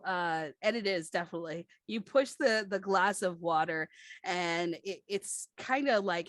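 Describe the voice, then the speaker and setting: A woman narrating a tabletop role-playing game as game master, chatty and unhurried, with lots of fillers. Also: medium pitch, a bit bright, no echo.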